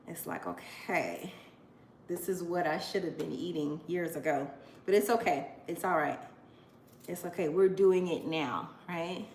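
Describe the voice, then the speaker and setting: Speaking in a lowish voice with a little hiss or hum on the recording, a vlogger in her forties chats effusively to camera and often exclaims with emotion. The room sounds echoey, with faint ambience.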